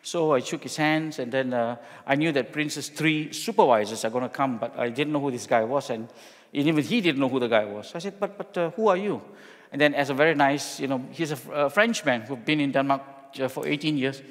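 A middle-aged man from Singapore, a pastor preaching and telling a personal story in a joking, halting way. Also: mid-range voice, in a large hall. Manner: jokey storytelling, many restarts. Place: church hall.

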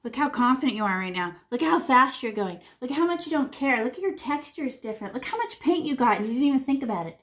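A woman leading a painting lesson for children, chatty and animated, narrating her brushstrokes with sound effects and sing-song noises. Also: high-pitched, quick pace, hardly any pauses, slight background noise. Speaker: art teacher.

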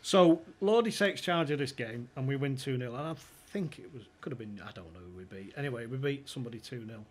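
A man's voice: mid-range voice, expressive, a little fast, hardly any pauses. A man telling stories casually, swearing and laughing as he goes. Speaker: podcast guest, former club insider. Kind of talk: casual storytelling chat.

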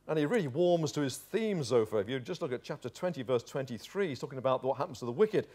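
A male pastor preaching a sermon and reading scripture, with lively storytelling and dramatic asides. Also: mid-range voice, a little fast.

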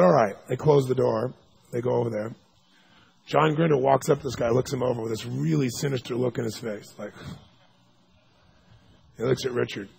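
A man giving a seminar talk, telling stories in an animated way and acting out the people he quotes, sometimes with sudden loud shouts. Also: fairly high pitch, creaky, husky. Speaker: seminar speaker. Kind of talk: storytelling lecture.

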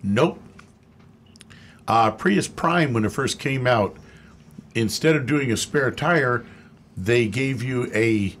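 A man's voice: mid-range voice, takes it slowly, long pauses, a bit bright, a little hiss or hum. A man co-hosting a radio call-in show about cars, explaining answers at length and laughing easily. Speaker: auto expert co-host. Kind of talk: radio call-in car talk.

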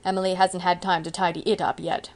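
A woman's voice: on the low side, little pitch movement, brisk, lightly acted. A woman doing a rueful old farmer. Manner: rueful, folksy storytelling. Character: older male farmer, grumbling and sheepish.

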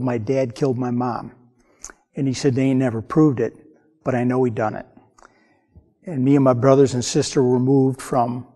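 An older painter from the American Midwest tells stories slowly and earnestly, pausing between thoughts. His voice is mellow and warm. It sits in a long, hall-like reverb. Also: medium pitch. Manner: earnest, unhurried storytelling with pauses. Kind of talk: storytelling interview.

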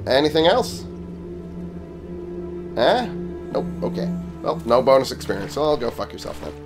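Very animated in a mid-range voice at a normal pace, a man hosting a gaming channel fights enemies on screen, shouting at them. He keeps up sarcastic, profane, casual commentary over the game's music.

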